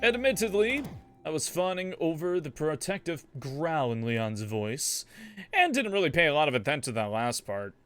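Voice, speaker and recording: A man's voice: on the high side, very animated, moderate pace, fairly bright tone, clean tone, faint music behind. A man voicing a snarky young heroine. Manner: sardonic, wry asides. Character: sarcastic young woman narrating her own rescue. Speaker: streamer. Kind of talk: comedic in-character narration.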